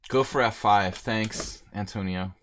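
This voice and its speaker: Deep-voiced man streaming chess. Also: a little slow, a bit bright, slight background noise. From United States. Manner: chatty and joking, answering chat mid-game. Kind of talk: live-streamed game commentary, thinking aloud.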